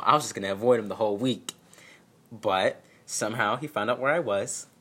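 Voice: mid-range voice, fairly bright tone. A speaker telling a personal story at home in a casual vlog, sarcastic and self-mocking. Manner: sarcastic, self-mocking, acts out quotes in exaggerated voices. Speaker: storyteller vlogger. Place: home, with a dog nearby.

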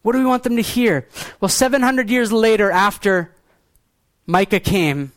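High-voiced man preaching earnestly, dry sound. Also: no echo. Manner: earnest, shifts between quiet low lines and quick pointed rhetoric. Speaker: pastor. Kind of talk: sermon.

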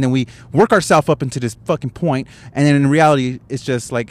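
A man's voice: medium pitch, fast, few pauses. A man hosting a casual solo podcast, recorded in his parked car at a gas station with a handheld microphone, talking in a profane, rambling storytelling way. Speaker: podcast host. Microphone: handheld microphone, wearing headphones.

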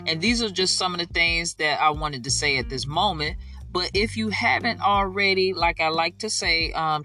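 Podcast prayer leader, fervent, repeats lines slow for folks to echo, kinda off-mic with soft music under it. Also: medium pitch, far from the mic. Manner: fervent, repeats each declaration slowly for listeners to echo; informal, folksy asides between prayers. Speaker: podcast host leading prayer. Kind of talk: spoken prayer and faith declarations.

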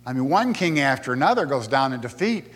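A man's voice: mid-range voice, sing-song, fast talker, fairly bright tone, breathy edge. Man teaching a sermon in a reverberant hall. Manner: conversational, explains verses and reads scripture aloud. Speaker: pastor.

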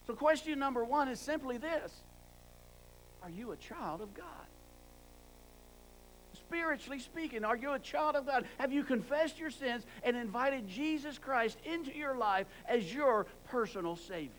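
Emphatic high-voiced male preacher. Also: lively intonation, measured pace, a bit bright, slight background noise, rough recording. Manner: emphatic, repeats words for stress; stumbles and restarts words. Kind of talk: sermon.

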